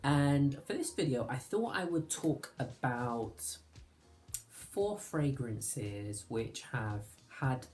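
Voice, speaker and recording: A man hosting his own fragrance channel, chatting casually and nostalgically, with soft laughs. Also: medium pitch, extremely slow, soft background music. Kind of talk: casual reminiscing vlog.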